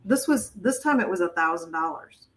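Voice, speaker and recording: A woman guest on a podcast, recounting a family story in a relaxed, conversational way. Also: lowish voice, normal speed, rough recording. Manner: conversational, with fillers and restarts. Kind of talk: casual storytelling.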